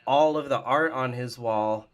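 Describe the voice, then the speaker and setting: A man co-hosting a podcast in casual chat, recounting things in a halting way with frequent stammers and restarts. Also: medium pitch. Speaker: podcast co-host.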